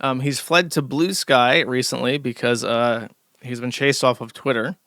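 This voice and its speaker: A man's voice: mid-range voice, fairly even intonation, moderate pace, a bit bright, no room sound, clean studio sound. A man hosting an online commentary show, talking casually in a sarcastic, mocking way. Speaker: show host.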